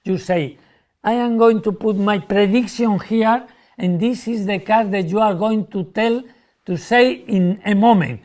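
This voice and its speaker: Animated man explaining a magic trick. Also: high voice, measured pace. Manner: animated, broken English, acts out spectators' reactions.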